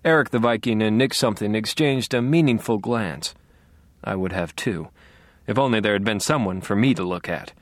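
A man's voice: on the low side, moderate pace, dry recording. Brief: male audiobook reader, wry and detached, dry sound. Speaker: audiobook narrator. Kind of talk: first-person audiobook narration.

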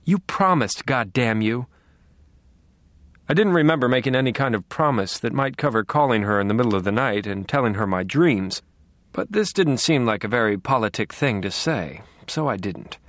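A man narrating a first-person audiobook in a dry, wry, measured way. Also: medium pitch, animated, fairly bright tone, dry recording.

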